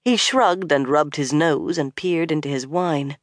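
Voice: mid-range voice, unhurried, dry recording. Dry, close audiobook narrator. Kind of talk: scripted narration.

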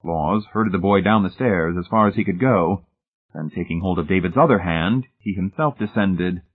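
A man reading a suspenseful story aloud in a measured, scripted narration, heard over a tinny, phone-like recording. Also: sits low, breathy edge. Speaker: audiobook narrator.

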